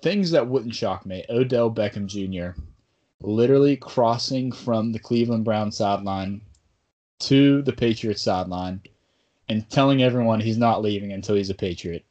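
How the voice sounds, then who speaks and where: A man's voice: fairly low pitch, normal speed, a little mellow. A man hosting a casual sports podcast, talking in a rambling, bantering way. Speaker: podcast host.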